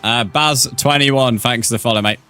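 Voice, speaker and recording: A man's voice: medium pitch, normal speed, bright, forceful tone, smooth, soft background music. A young man streaming a game live, chatting casually with viewers and swearing freely. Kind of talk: live gaming commentary, reading chat.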